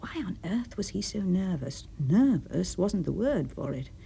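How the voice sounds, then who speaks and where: A woman with an English accent reading a short story aloud for radio, with expressive storytelling. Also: fairly low pitch, unhurried, creaky, breathy edge. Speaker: reader.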